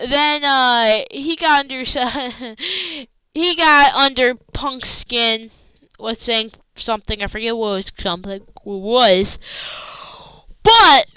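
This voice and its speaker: A woman recaps a wrestling show in a loose, rambling way, forgetting what she meant to say and filling gaps as she goes. She sounds tired. Her voice is high, smooth and bright, and it is recorded dry and close. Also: dry recording, poor audio. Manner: rambling, loses her train of thought, filler-heavy.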